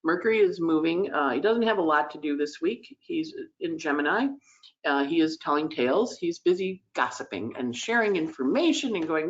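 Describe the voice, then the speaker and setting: A woman's voice: low voice, animated, moderate pace, lo-fi sound. A woman host giving a chatty weekly astrology forecast, emotional and teary at times, acting out little voices in quotes.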